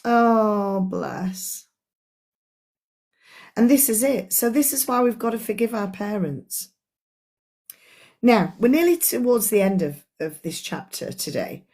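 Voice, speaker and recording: A woman's voice: fairly high pitch, lively intonation, moderate pace, warm tone. A middle-aged woman, a life coach, leading an earnest, chatty book club discussion on a live stream and talking straight to her audience.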